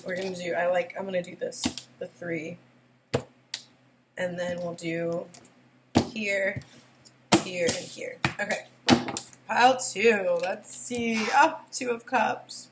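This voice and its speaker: Slow-talking young woman reading tarot. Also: fairly low pitch, fairly even intonation, very noisy. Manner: rambling, giggly, emotional. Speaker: tarot reader. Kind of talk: casual tarot reading to camera.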